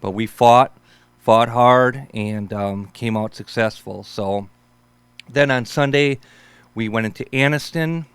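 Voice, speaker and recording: A man's voice: medium pitch, slow pace, a bit bright, smooth, dry recording. A man in his fifties hosting a show, telling rambling casual stories in a laid-back way, peppered with "man" and "for sure". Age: 50s. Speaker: host.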